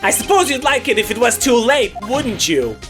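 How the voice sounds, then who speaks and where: A woman's voice: on the high side, very animated, normal speed. A woman voicing an arrogant, haughty male prosecutor in a video game, sneering at the defense. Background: game music.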